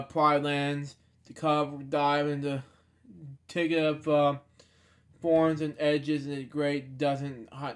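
A man reading a children's storybook aloud, stumbling over words and dropping sarcastic deadpan asides. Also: medium pitch.

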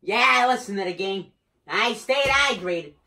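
This is a gamer giving let's play commentary, talking along to themself and cracking jokes as they go. The delivery is slow yet full of leaps in pitch, with a bright, ringing tone. Now and then the excitement spills over into a shout. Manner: excitable, jokey, talks to himself while playing.

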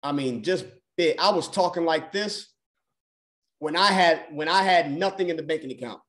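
A man's voice: on the high side, normal speed, fairly bright tone. A man coaching on a mindset call, talking emphatically and repeating key phrases for effect. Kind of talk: motivational call talk.

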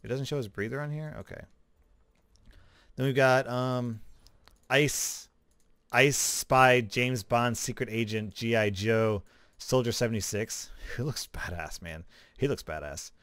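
A man giving casual, chatty commentary as a gaming video creator, relaxed, with small laughs. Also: mid-range voice, measured pace, clean tone, dry recording, studio quality. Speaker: gaming YouTuber. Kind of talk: casual commentary over gameplay.

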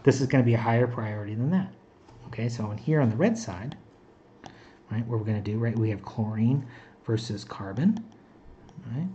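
A man talks through a chemistry lecture in a relaxed, mellow voice, often restarting his sentences and checking in with "right?" and "okay?". The recording sounds a little muffled. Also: medium pitch, normal speed, pauses often, a little hiss or hum. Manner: conversational, many fillers and restarts. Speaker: chemistry instructor.

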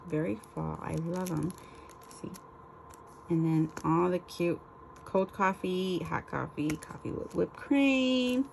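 A woman's voice: on the low side, gravelly, a little mellow, a little hiss or hum, low-quality recording. A woman chatting casually as she unboxes craft swap items on her vlog, gushing and exclaiming over each one. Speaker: crafting vlogger.

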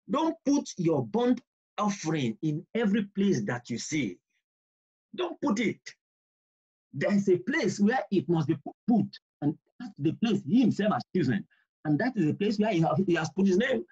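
A man teaching a bible study, emphatic and repetitive, reading scripture slowly and deliberately. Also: high-pitched, darkish tone, husky. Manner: emphatic, repeats key points, reads scripture slowly. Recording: dull lo-fi recording.

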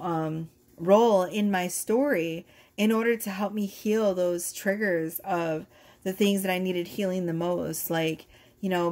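A woman doing a casual tarot reading to camera, excitable and blunt, with bursts of swearing and laughter. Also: on the low side. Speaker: tarot reader.

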